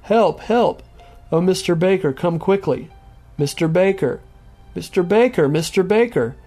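A man's voice: sits high, expressive, a little slow, a little mellow, faint music behind, pitched above the performer's own voice. A man voicing a terrified dying boy who shrieks and pleads desperately for help.

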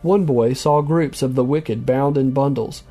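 A man reading a book aloud as narrator in a solemn, measured way. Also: medium pitch, mellow, soft background music. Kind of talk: audiobook reading.

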